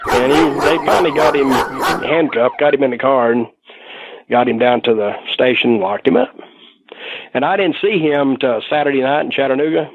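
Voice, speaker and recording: With a mid-range voice at a moderate pace, the older man keeps rambling through his story as a guest. He curses freely and chuckles along the way, and there's noise in the background.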